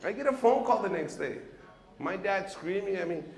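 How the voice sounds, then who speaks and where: A man from Mexico doing a stand-up comedy set on a stage, telling animated stories and acting out the characters in them. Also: high-pitched, moderate pace, creaky, very noisy. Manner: animated storytelling, acts out characters, laughs between bits. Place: stage at a live venue. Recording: roomy live venue sound.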